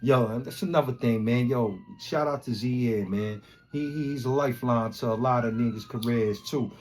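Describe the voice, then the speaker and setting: A man tells a story from his past in an easy, mid-pitched voice. He rambles and restarts, piles on street slang and curses, and gets lively when he reaches the tense parts. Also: normal speed, slight background noise. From Brooklyn, New York. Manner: slangy, rambling, animated, swears a lot. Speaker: podcast host. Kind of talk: casual storytelling.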